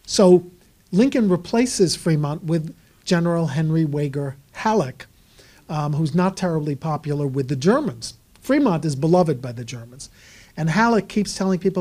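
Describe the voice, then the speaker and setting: A man's voice: on the high side, lively intonation, normal speed, a little mellow. A man giving a conversational history talk, with wry asides and frequent fillers. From United States. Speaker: author and historian speaker. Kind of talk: lecture storytelling.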